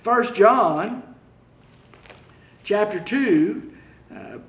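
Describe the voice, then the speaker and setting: High-voiced male preacher, echoey room. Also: lively intonation, a bit bright. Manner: slow, halting delivery with frequent fillers and restarts; repeats key phrases for emphasis. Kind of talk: sermon.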